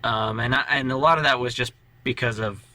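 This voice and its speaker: A man's voice: mid-range voice, steady tone, fairly quick, bright, forceful tone, no room sound. A man co-hosting a casual podcast about tabletop role-play, rambling animatedly with lots of fillers. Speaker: podcast co-host, tabletop player.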